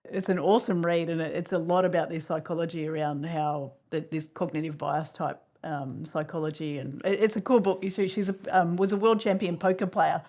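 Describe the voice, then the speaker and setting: A woman with an Australian accent hosts a relaxed podcast conversation in a lower voice. She thinks aloud and reworks her sentences as she goes. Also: a little fast, few pauses. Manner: thinks aloud, self-correcting. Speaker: podcast host. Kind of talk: casual conversational interview.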